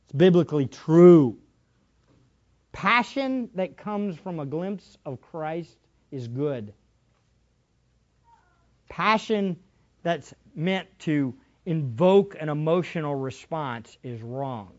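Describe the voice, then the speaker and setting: A middle-aged pastor preaches with fervent passion, dropping to near-whispered asides before rising again to cries. His voice sits a little high for a man. The recording is dull and lo-fi, like an old church tape. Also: lively intonation, takes it slowly, few pauses. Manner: passionate, swings from quiet asides to shouting. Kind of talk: sermon.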